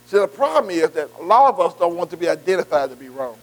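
A man's voice: high voice, sing-song, quick pace, rough recording. A man leading a bible study in a conversational preaching style, folksy and informal, who keeps checking in with listeners. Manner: repetitive "see" and "am I right", engaging the room.

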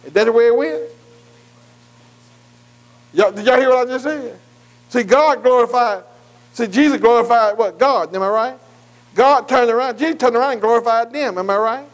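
A preacher with a notably high voice delivers a call-and-response sermon. He keeps stopping to ask his listeners if they agree. He slows right down when he reads scripture aloud. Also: low-quality recording. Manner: repeatedly asks "am I right?"; reads scripture slowly and deliberately.

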